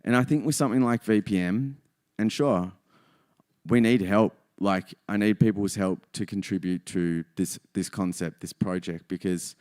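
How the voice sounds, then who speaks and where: Low, smooth Australian man on stage. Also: a little mellow. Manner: self-deprecating, joking. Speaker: conference speaker. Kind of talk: conference talk. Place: conference stage.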